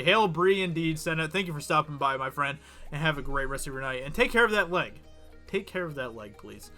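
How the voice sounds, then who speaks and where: A man's voice: a little high, animated, brisk, sharp tone, faint music behind. Giggly man chatting on a livestream. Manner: chatty, giggly, reads chat aloud. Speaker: livestream host. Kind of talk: casual livestream chat.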